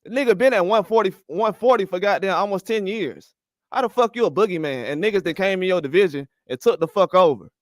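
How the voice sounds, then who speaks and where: A man's voice: sits high, fast talker, no echo, clean studio sound. A man ranting about boxing with heated, profane speech and repeated rhetorical questions. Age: older. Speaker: boxing commentary host. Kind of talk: heated opinion rant.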